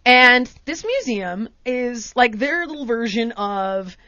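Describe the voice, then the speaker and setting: An American woman hosting a podcast, telling a story in a casual, animated way and acting out the exchanges in different voices. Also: fairly high pitch, slow, no echo. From United States. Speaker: podcast host. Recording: dry, dull lo-fi sound.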